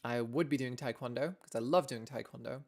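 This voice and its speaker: A woman's voice: a bass voice, brisk, darkish tone. Chatty English woman streamer. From England. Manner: chatty, self-deprecating, laughs often. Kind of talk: casual chat with chat readers.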